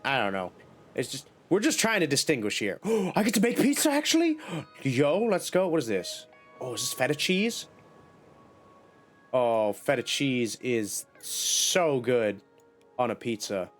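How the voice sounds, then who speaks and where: Chatty, animated male game streamer. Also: mid-range voice, unhurried, soft background music. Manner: chatty, playful self-talk. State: slight cough. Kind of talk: casual live gameplay chat.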